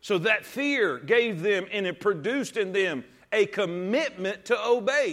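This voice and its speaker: A male pastor preaching in church, with a high voice that swings widely in pitch. His tone is bright and ringing, and he drives his points with rhetorical questions and calls for the congregation to read along. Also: sing-song, a little slow, hardly any pauses. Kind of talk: sermon. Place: church service.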